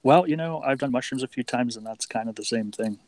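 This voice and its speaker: A man's voice: medium pitch, fairly quick, darkish tone, dry recording. A man in his thirties, a stream guest, talking casually with hesitant, rambling phrasing. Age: 30s. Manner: rambling, hesitant, many fillers. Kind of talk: casual live-stream chat.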